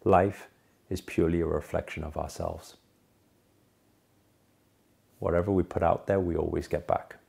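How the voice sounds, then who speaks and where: A man telling a personal story as a monologue, earnest, rising to emphatic peaks and then dropping low and soft. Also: flat delivery, moderate pace, vocal fry, long pauses, husky.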